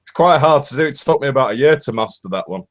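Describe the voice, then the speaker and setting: A man's voice: mid-range voice, lively intonation, fast. A British man co-hosting a casual live-stream chat, telling jokes and bantering. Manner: joking banter, tells jokes. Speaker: co-host.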